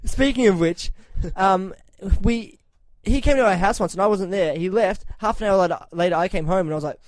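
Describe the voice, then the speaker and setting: A man's voice: sits high, a little fast, no room sound. A man hosting a podcast, telling a long profane anecdote in casual chat and acting out the other people in it. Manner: profane, animated anecdotes with quoted voices. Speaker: podcast host.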